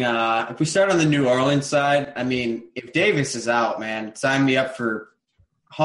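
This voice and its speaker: As a podcast guest, a medium-pitched man casually offers his sports picks, relaxed and repeating words while he thinks. The recording sounds roomy.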